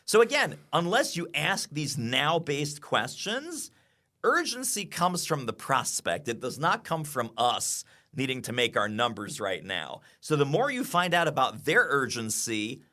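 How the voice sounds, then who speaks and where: Animated, bright-voiced male podcast guest. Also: medium pitch, measured pace. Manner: energetic, acts out clients' lines in quoted voices. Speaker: sales consultant and author, podcast guest. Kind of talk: animated interview talk.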